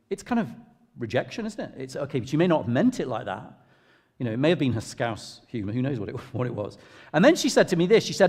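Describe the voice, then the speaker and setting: A middle-aged English vicar sharing a personal testimony in church, in a conversational, self-deprecating storytelling way. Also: male voice, fairly high pitch, very animated, fast talker. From England. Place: church hall. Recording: long reverb of a large hall.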